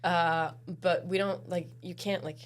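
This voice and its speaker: Norwegian young woman, low voice, casual podcast guest, laughs and trails off. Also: fairly even intonation, unhurried. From Norway. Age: young adult. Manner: laughs often, trails off softly. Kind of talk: casual chat.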